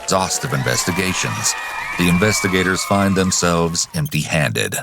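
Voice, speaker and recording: Deep-voiced man narrating true crime. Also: expressive, creaky, over music. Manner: measured, dramatic delivery.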